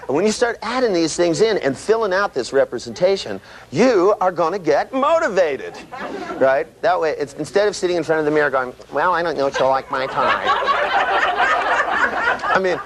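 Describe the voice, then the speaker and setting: A man giving a live seminar lecture, animated and profane, acting out voices and sound effects as he teaches. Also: on the high side. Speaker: seminar trainer. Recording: noisy live seminar recording.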